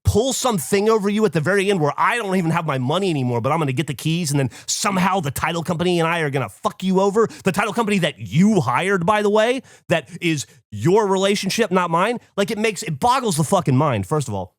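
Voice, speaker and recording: A man's voice: high-pitched, quick pace, few pauses, no echo, clean studio sound. A man co-hosting a podcast who tells a story in a casual, profane rant and acts out other people's lines. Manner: animated, profane ranting. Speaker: podcast co-host.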